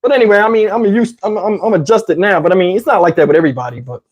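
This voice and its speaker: A man from Camden with a New Jersey accent, telling a crude, lively story with lots of asides, on a lapel mic. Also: high-pitched, racing, husky, dull audio. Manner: profane, animated, lots of asides. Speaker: channel host. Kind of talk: comedic storytelling.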